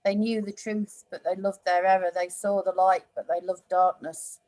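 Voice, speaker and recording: A woman's voice: fairly low pitch, fairly even intonation, normal speed, warm tone, no echo, low-quality recording. A woman talking about a Bible passage in a casual discussion, earnest and reflective, with many "you know"s. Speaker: church discussion partner.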